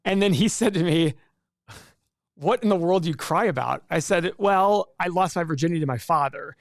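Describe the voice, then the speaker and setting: A man's voice: on the high side, moderate pace, dry recording, studio quality. A man hosting a casual investing livestream, chatting and joking with viewers and often restarting his sentences. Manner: chatty, jokey, self-interrupting. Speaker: livestream host.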